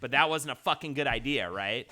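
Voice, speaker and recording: A man's voice: mid-range voice, animated, a little fast, pushed and bright. A man hosting a live stream, chatting bluntly and swearing for emphasis. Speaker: host. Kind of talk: casual live-stream chat.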